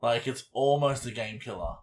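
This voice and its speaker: Casting: man, podcast co-host, loose and animated, swears freely, mid-pitched. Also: moderate pace. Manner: rambling, animated, swears casually. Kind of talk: casual chat reviewing an album.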